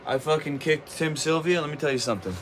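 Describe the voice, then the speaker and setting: A man's voice: on the high side, quick pace, fairly bright tone, a little hiss or hum. Brash trash-talking man. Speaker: martial arts streamer. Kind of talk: livestream talking back to chat. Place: home kitchen.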